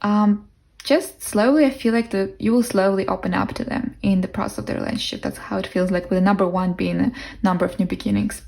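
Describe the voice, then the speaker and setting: A young woman with a non-native English accent does a casual pick-a-card tarot reading, thinking out loud with fillers and restarts. Her mid-range voice is gravelly and darkish, with fairly even intonation and a fairly quick pace.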